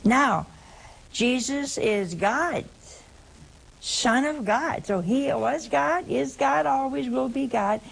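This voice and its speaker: A woman's voice: high voice, slow, gravelly, low-quality recording. A woman hosting a call-in show who answers a caller with emphatic religious teaching, repeating key points and quoting scripture at length.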